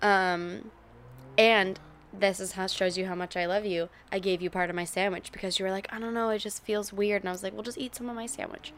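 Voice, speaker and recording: A woman's voice: medium pitch, fairly even intonation, a little fast, fairly bright tone, a little hiss or hum. A young woman co-hosting a podcast, reminiscing with her partner, laughing often and swearing casually. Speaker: podcast co-host.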